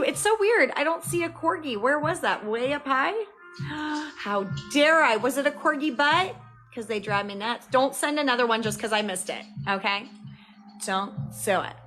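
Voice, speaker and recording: A woman's voice: a little high, unhurried, fairly bright tone, poor audio. A woman livestreaming a casual drawing tutorial. She explains each step aloud and chats with viewers, thanking them by name. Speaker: livestreaming cartoon artist. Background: music playing.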